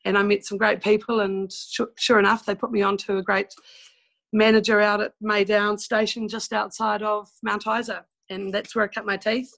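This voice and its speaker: A woman's voice: mid-range voice, level tone, moderate pace, vocal fry, fairly bright tone, poor audio. A woman from New Zealand with a New Zealand accent, frankly telling stories from her past in a casual interview. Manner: chatty and frank, with mild swearing and laughing asides. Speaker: guest telling life stories.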